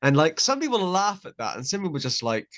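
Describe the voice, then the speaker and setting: A man's voice: fairly high pitch, big pitch swings, fairly quick, a bit bright. A man hosting a podcast, chatting casually with a guest and rambling into jokes with many restarts. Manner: joking, rambling, self-interrupting. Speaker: podcast host. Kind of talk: casual interview chat.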